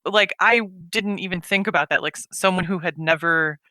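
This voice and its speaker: A man co-hosting a podcast, chatting casually and telling a story with animated quoted voices. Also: high-pitched, fairly quick, no echo. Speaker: podcast co-host. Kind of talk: casual chat.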